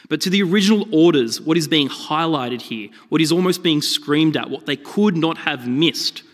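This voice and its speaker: Man preaching in a reverberant hall. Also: mid-range voice. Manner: animated storytelling with shifting emphasis. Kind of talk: sermon.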